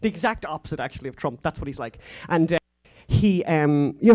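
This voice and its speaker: A woman's voice: low-pitched, expressive, a little fast, hardly any pauses, mellow. An Irish woman giving an anecdotal conference talk, chatty and rambling, full of asides and fillers. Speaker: conference speaker. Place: conference hall stage.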